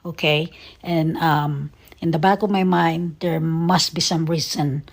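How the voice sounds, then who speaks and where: An American woman talking earnestly and sadly to her viewers, halting with many fillers and close to tears. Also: sits low, fairly even intonation. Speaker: vlogger. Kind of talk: casual emotional monologue to viewers.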